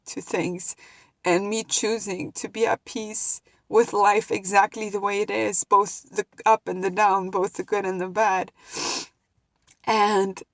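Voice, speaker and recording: Close to crying, a young woman reflects on something personal in a vlog addressed to camera. She speaks with heartfelt emotion and keeps restarting sentences. The recording has no room sound, and her voice sits in the mid-range.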